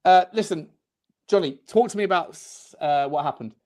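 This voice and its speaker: A man hosting a casual fan podcast, rattling off warm thank-yous to supporters. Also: sits high. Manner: rapid, effusive shout-outs to supporters. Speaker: channel host.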